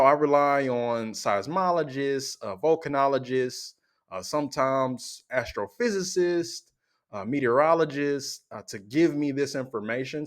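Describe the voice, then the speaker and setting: Joking, conversational male channel host. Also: mid-range voice. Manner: joking, loose and conversational, speaks straight to viewers. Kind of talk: casual explainer commentary.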